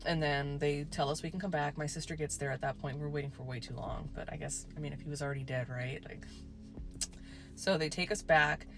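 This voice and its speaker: A woman with a fairly low voice tells a spooky personal story. She speaks in a loose, conversational way, full of fillers and swearing, with soft music playing faintly behind her. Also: steady tone, a little fast. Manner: chatty, peppered with "like" and swearing. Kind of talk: casual storytime.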